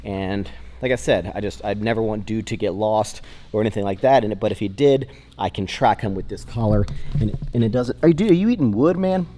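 A man's voice: on the low side, fairly even intonation, fairly quick, warm tone, roomy sound. A young man vlogging casually, rambling with lots of fillers and breaking into a sponsor read.

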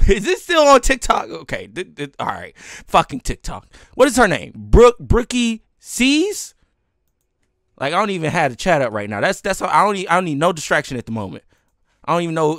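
A man's voice: a little high, wildly swooping pitch, moderate pace, gravelly, fairly bright tone, no room sound, clean studio sound. A man ranting live as a streamer, heated and swearing, with laughs breaking in between lines.

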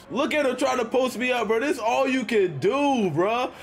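A man's voice: very high voice, moderate pace, gravelly, few pauses, background noise. Hyped young man trash-talking over gameplay. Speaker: gaming YouTuber. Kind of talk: casual gameplay commentary.

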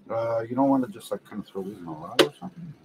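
Gravelly man with lively pitch, noisy room. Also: very fast. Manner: casual, chimes in while handling items. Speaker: co-host helping at the sale. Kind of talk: casual chat.

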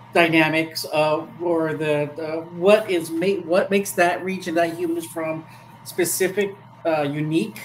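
A guest on a casual panel discussion, giving advice haltingly with many fillers. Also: medium pitch, a little hiss or hum, low-quality recording.

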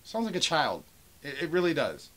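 A man's voice: on the high side, wildly swooping pitch, moderate pace, fairly bright tone. Angry Pittsburgh man ranting. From Pennsylvania. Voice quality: profane, heated, sarcastic. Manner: reads out messages with mocking emphasis. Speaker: toy seller and channel owner. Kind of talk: angry rant vlog.

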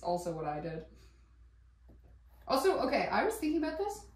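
A woman chatting while she cooks at home, rambling and excitable, swearing casually and laughing as she goes. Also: high voice, normal speed. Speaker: vlogger. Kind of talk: casual cooking vlog chat. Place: home kitchen. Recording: echoey room, voice a bit far from mic.

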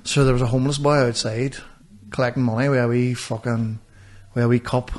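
A man's voice: medium pitch, steady tone, fairly quick, a little mellow. A young man, co-hosting a podcast and telling a rambling, sweary anecdote in casual chat. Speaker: podcast co-host.

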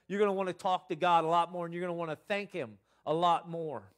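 A man's voice: fairly even intonation, fast. Earnest man preaching with swings in volume. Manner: earnest, rising to emphatic bursts then dropping low. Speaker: pastor. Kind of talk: sermon.

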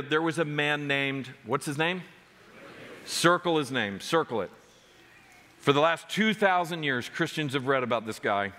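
A man's voice: a little high, sharp tone, long reverb tail. A man preaching a sermon as pastor, driving home numbered points with rising emphasis. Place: church sanctuary.

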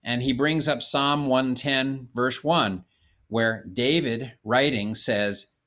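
A man giving a measured, explanatory Bible course lecture, reading passages aloud and explaining them. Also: medium pitch, steady tone, fairly bright tone. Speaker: Bible teacher. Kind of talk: classroom lecture on scripture.

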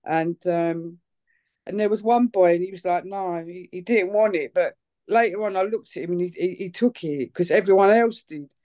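A woman from England giving a personal testimony at church, telling it in an excitable, chatty way with many fillers. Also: lowish voice, moderate pace.

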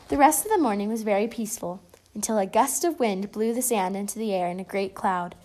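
A woman reading a children's picture book aloud in a lively, expressive way. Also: medium pitch, brisk. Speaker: storybook reader.

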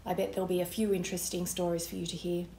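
A woman's voice: on the low side, little pitch movement, racing, mellow, reverberant, a little hiss or hum, close to an everyday voice. A woman reading as an easygoing, evasive dad. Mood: reassuring.

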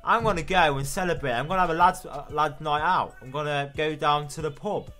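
Excitable young British gamer, swearing. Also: male voice, fairly high pitch, a little fast, soft background music. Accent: British English. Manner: excitable, swearing, shouting at the ref. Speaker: gaming video host. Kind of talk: live gameplay commentary.

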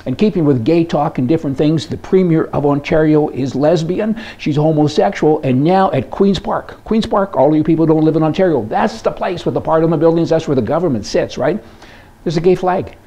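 A man hosts a rambling opinion monologue, telling jokes and firing off rhetorical questions. His voice is dark and mellow. The recording sounds dull and lo-fi. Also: fairly high pitch, brisk. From Canada. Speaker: host.

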